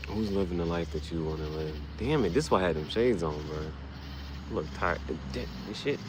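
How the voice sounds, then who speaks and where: A man ranting casually and profanely on his vlog, rambling and getting animated as he goes. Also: sits low, fairly quick, background noise. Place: dim room.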